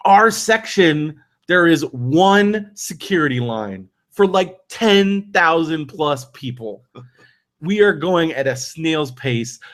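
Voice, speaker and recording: A man hosting a podcast, telling a long story in a casual, animated way, acting out the people he quotes and using lots of fillers and restarts. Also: fairly high pitch, slow. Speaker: podcast host.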